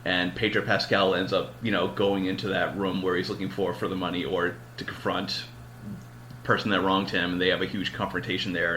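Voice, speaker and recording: Male podcast host, loose rambling storyteller, lower pitch with a sharp, forceful tone. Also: a little hiss or hum. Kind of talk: casual chat.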